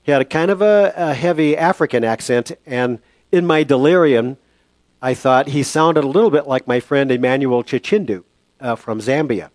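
An older man with a mid-range voice preaches a sermon through a personal story and prayer. He is halting and reflective, with many fillers and restarts, and the recording has no echo.

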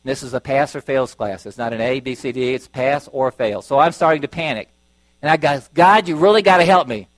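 A man's voice: mid-range voice, a little fast, dry recording, poor audio. A middle-aged man preaching a sermon, telling stories and acting out voices as he goes. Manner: storytelling, acting out voices with lively shifts.

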